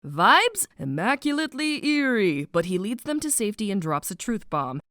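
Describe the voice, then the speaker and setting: A woman narrating a snarky animated book summary, playful and sarcastic, with slang asides and spoken sound effects. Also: mid-range voice, moderate pace, dry recording, studio quality.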